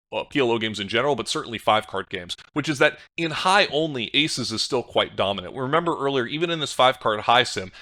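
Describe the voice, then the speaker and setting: A man's voice: on the low side, bright, forceful tone. A man reviewing poker hands as a coach, talking through analysis on screen and thinking aloud with small restarts. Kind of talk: screen-share hand review.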